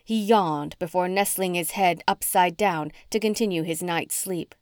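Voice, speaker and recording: A woman reading a first-person novel aloud as an audiobook narrator, with expressive, dramatic storytelling. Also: fairly low pitch, a little slow, few pauses, clear, resonant tone, dry recording, clean studio sound.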